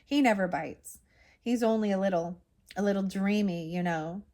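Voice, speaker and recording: A woman's voice: medium pitch, moderate pace, darkish tone, natural voice. A woman reading aloud as an absent-minded old male professor, cheerful and rambling.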